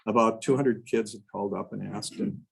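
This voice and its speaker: An older man from Wisconsin giving a storytelling talk to a club, animated and full of restarts and asides. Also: lowish voice, a little fast, gravelly, breathy edge, poor audio. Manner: animated storyteller, acts out quotes, frequent "you know" and restarts. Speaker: guest speaker.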